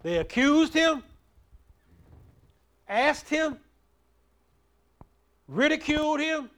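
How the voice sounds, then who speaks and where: High-voiced man leading bible study. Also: sing-song, extremely slow, a bit bright. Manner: preacherly, rising and falling emphasis, call-and-response; repeats and restarts words.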